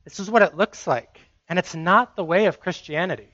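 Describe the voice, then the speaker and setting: Male preacher, high and bright, emphatic sermon delivery with repeated phrases; dry, slightly dull recording. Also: brisk, dry recording.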